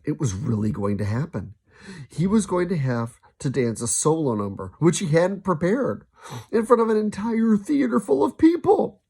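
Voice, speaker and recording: A man reading a children's novel aloud, lively, now and then stumbling and restarting a sentence. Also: a little high, moderate pace, creaky, slightly rough. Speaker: storybook reader.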